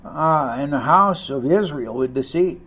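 A man preaching a sermon, reading scripture aloud and commenting on it, rising to loud emphasis on key lines. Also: on the high side, lively intonation, unhurried. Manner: reads scripture aloud and comments between passages.

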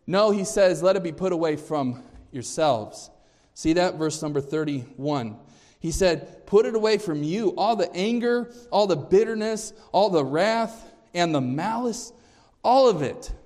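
A man preaching a sermon to a congregation as their pastor. He is emphatic, quizzes his listeners with questions, and restarts and repeats words. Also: a little mellow. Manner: emphatic, often rising in pitch and volume, quizzing the congregation; repeats and restarts words, measured and deliberate in places. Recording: long hall reverb.

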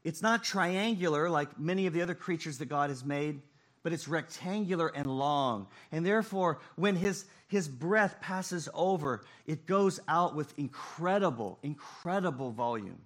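A man preaching a sermon, swinging between loud emphasis and hushed, quiet phrases. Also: on the high side, lively intonation, moderate pace. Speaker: pastor.

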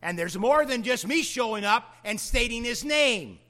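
A male pastor preaching an expository sermon, with deliberate, emphatic phrasing and dramatic drops and rises. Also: very high-pitched, lively intonation, bright, forceful tone.

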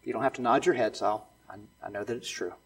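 A man preaching a sermon, building to loud, emphatic repeated lines and dropping to soft, hushed ones. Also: medium pitch, fast talker, husky, poor audio. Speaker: pastor.

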